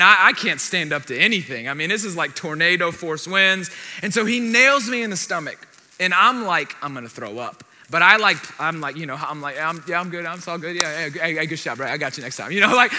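A young man preaching a sermon, telling a personal story in an animated, self-deprecating way with asides to the congregation. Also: sits high. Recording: long hall reverb.

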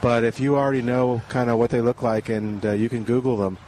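A man's voice: medium pitch, level tone, brisk, darkish tone, low-quality recording. Man, radio host, hesitant with uhs, faint hiss. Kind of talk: casual radio chat.

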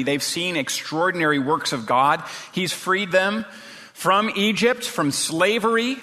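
A man's voice: a little high, sharp tone, big-room sound. A man preaching a sermon as pastor, earnest and full of rhetorical questions.

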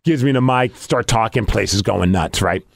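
A man hosting a podcast, telling a story in a casual, animated way and acting out his own reactions. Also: on the low side, normal speed, gravelly, dry recording. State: losing his voice. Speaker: podcast host.

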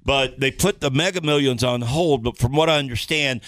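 A man's voice: mid-range voice, moderate pace, a bit bright, no room sound. A man co-hosting a morning radio show, chatting and joking in casual banter. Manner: joking, storytelling.

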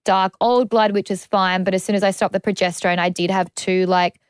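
A woman's voice: medium pitch, fairly even intonation, a little fast, clean tone, no echo. A young Australian woman hosting a podcast, chatting candidly and rambling with lots of "like" and casual swearing. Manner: rambling, frequent "like", swears freely. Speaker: podcast host.

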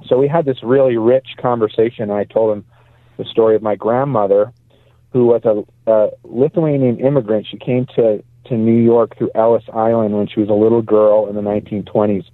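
A man's voice: fairly low pitch, fairly even intonation, fairly quick, dry recording. A male pastor calling in as a guest from a parked car, telling chatty stories and laughing easily. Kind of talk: casual storytelling. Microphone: phone call. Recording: tinny phone line.

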